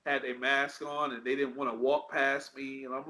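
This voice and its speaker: A man's voice: fairly high pitch, brisk, few pauses, pushed and bright. A man chatting casually on a podcast, laughing often and swearing freely. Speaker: podcast guest. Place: his home in Dallas. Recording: echoey room.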